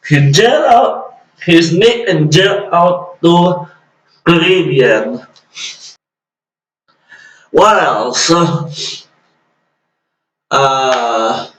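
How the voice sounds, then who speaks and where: A man delivers exasperated, mocking commentary, swearing now and then. His voice sits a bit high and he speaks slowly. He is recorded from a distance in an echoey room. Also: animated. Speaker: vlogger. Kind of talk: ranting commentary. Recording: echoey room, away from mic.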